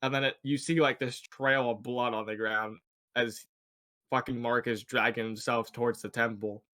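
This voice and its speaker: A man's voice: medium pitch, level tone, normal speed, bright, forceful tone. A man casually recapping a TV episode with a co-host, rambling with lots of fillers and swearing. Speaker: show co-host.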